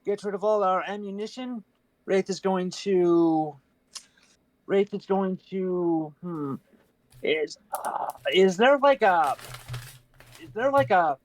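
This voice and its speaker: High-voiced, hesitant male player. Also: takes it slowly, long pauses, darkish tone, dry recording. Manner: hesitant, searching, many restarts. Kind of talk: casual tabletop play.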